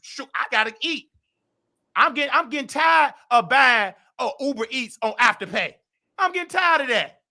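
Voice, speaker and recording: Brash, high-voiced trash-talking man. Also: lively intonation, creaky. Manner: brash, rapid, trash-talking, shouts often. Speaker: host. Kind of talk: loud gossip commentary.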